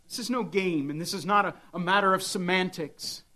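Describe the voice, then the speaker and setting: A man's voice: high-pitched, a little fast, pushed and bright. A man preaching a sermon with dramatic delivery, at times voicing the devil's taunts. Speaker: pastor.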